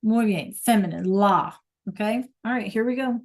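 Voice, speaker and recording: A woman's voice: medium pitch, moderate pace, heavy background noise. A woman teaching a Spanish class online over a video call, patient and checking in with students often.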